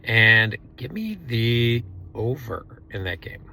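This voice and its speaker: A man co-hosting a sports podcast, weighing his football picks out loud with some hesitation. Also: medium pitch, sing-song, takes it slowly, vocal fry, a little hiss or hum. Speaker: podcast co-host. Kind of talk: casual sports betting chat.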